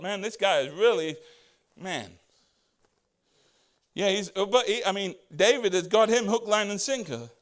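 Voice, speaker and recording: A man with a high voice and lively intonation preaches conversationally as pastor. He asks the congregation rhetorical questions and acts out Bible characters' words in quick voices.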